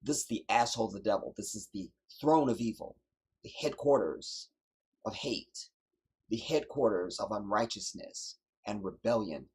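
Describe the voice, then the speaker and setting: A man hosting a livestream, delivering an impassioned, preachy monologue that often drops to hushed whispers. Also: fairly low pitch, animated, moderate pace, husky. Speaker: livestream host.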